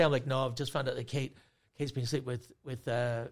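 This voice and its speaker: A man's voice: mid-range voice, fairly quick. A man in his forties telling a story on a podcast, laughing often and acting out other people's voices. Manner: animated, laughing, acts out voices. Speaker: comedian guest. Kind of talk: casual storytelling.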